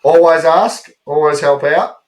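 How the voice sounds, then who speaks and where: A man's voice: on the high side, unhurried, low-quality recording. Rambling Australian man telling a yarn. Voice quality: swears freely and talks in loose rambling asides. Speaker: podcast co-host. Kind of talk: casual storytelling chat.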